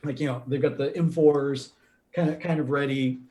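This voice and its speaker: A man's voice: mid-range voice, steady tone, normal speed, dark tone, roomy sound. A man narrating a tabletop game as game master in a casual, chatty way.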